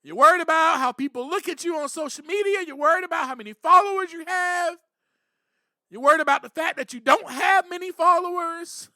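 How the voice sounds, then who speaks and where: A man's voice: very high voice, brisk, sharp tone, no echo, studio quality. A man hosting a podcast, giving earnest, reflective spiritual recovery talk, with frequent "you know" and bursts of emphasis. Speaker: podcast host.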